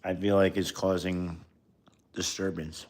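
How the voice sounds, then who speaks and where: A man with a slightly low voice chats on a live stream in a loose, rambling way. He talks between bites of food. He sounds like a comedian talking straight to his viewers. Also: steady tone, moderate pace. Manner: rambling, talks while eating. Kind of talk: casual live-stream chat.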